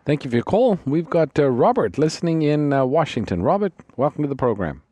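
A man, a pastor co-hosting a call-in Bible radio show, briskly welcoming callers and adding scripture context. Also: a little high, big pitch swings, dark tone, no echo.

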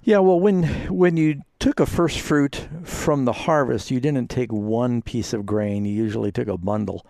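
A male pastor hosting a call-in radio show. His voice is gravelly and dark, and it sounds close and dry, with no room around it. He explains scripture to callers in an easygoing way. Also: mid-range voice, moderate pace, hardly any pauses, no echo. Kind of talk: call-in Bible answers.

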